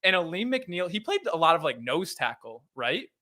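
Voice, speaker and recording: Male guest, bright tense voice, casual sports chat with teasing humor. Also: fairly high pitch, very animated, moderate pace. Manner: chatty, teasing, laughs often.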